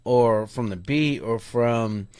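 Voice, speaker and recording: A man with a mid-range voice tells a story casually, slangy and animated, slipping into other people's voices as he quotes them. The sound is dry and close. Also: mid-range voice, slow pace, clear, resonant tone, no room sound. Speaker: podcast co-host.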